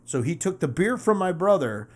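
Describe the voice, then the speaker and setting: A man hosting a casual podcast, telling stories in an animated, profane way. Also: high voice, moderate pace. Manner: animated, swearing storyteller. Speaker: podcast host.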